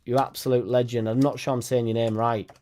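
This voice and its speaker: A man's voice: mid-range voice, little pitch movement, brisk, darkish tone. A young man chats casually on a live stream. He talks bluntly and swears freely, rambling from one point to the next. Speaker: football fan channel host.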